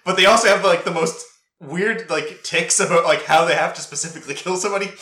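Bright-voiced chatty man. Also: high voice, fast talker, echoey room. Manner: chatty, laughing, quoting scenes. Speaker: podcast co-host. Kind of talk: casual movie review chat.

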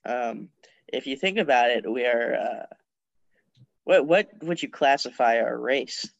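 Slow, halting podcast host. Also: male voice, mid-range voice, expressive, gravelly, muffled recording. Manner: rambling, halting, laughs often. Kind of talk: casual podcast banter.

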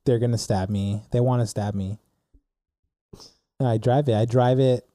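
A man's voice: mid-range voice, moderate pace, no room sound, studio quality. A young man casually telling a rambling story on a podcast, full of "like" and "dude". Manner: rambling, animated storyteller with many "like"s. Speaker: podcast co-host.

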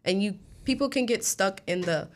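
A woman's voice: medium pitch, normal speed. A young woman from New Jersey chatting with animation as a student co-host, laughing often. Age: young adult. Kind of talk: casual chat.

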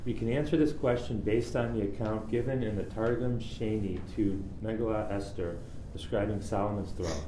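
A man's voice: fairly low pitch, fairly even intonation, normal speed. A man reading a religious text aloud to a study class. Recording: echoey room with faint noise.

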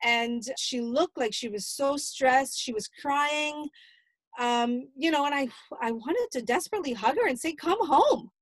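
Woman, middle-aged, high-pitched, dry close sound, emotional storyteller quoting her own words. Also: animated, unhurried, no room sound. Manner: emotional, quotes her own past dialogue at length. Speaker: mother recounting a family story. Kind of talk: personal storytelling.

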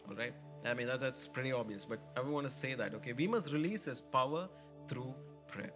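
A man's voice: mid-range voice, expressive, brisk, a bit bright, soft background music. Fervent preacher man, rhetorical questions. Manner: rising to emphatic, repeated rhetorical questions; calls out to the congregation. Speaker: pastor. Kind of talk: sermon.

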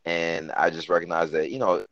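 A man's voice: sits low, little pitch movement, normal speed, a bit bright, dry recording. A man co-hosting a sports podcast, talking things through in a thoughtful, rambling way. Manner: thoughtful, rambling, curious questions. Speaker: podcast co-host. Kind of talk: casual sports chat. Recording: dull, dry sound.

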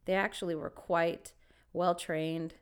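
A woman co-hosting a podcast, telling a story in a lively, casual way and laughing often. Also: fairly low pitch, takes it slowly, smooth. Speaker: podcast co-host.

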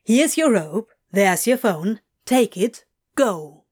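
A woman's voice: mid-range voice, very animated, takes it slowly, darkish tone. A woman voicing a brash, scheming man who talks in a hasty, coaxing way. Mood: eager.

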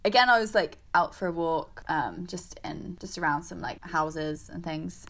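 A woman's voice: fairly low pitch, moderate pace, gravelly, a bit bright. Chatty young southern English woman. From south of England. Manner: chatty, filler-heavy, laughing easily. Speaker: podcast co-host. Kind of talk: casual chat.

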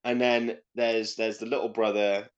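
A man's voice: on the low side, little pitch movement, moderate pace, dull audio. A young Welsh man chatting on a casual podcast. He rambles through his stories with plenty of ums and likes, swearing as he goes. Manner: rambling, full of fillers and swearing. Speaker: podcast co-host. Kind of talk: casual chat.

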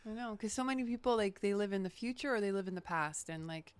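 A woman co-hosting a casual podcast, animated and playful, laughing often. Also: medium pitch, quick pace, clear, resonant tone, no room sound. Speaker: podcast co-host. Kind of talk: casual chat.

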